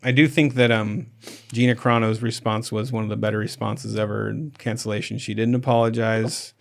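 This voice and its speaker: A man's voice: fairly low pitch, steady tone, brisk, gravelly. A man hosting a podcast in casual chat, rambling with many restarts and fillers. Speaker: podcast host.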